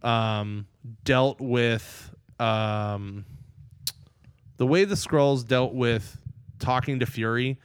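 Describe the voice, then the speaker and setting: A man chatting casually, recapping a movie in an excited, rambling way and acting out the characters' lines. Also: mid-range voice, extremely slow, pauses often, smooth, dry recording, clean studio sound. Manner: excited, rambling, acts out quotes.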